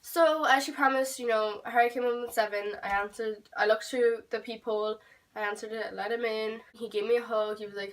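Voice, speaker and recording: A young woman rambling through a storytime vlog at home, swearing freely and getting animated. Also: on the high side, moderate pace, slight background noise. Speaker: vlogger. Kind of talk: storytime vlog, casual chat. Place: home room. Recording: voice a bit far from the mic.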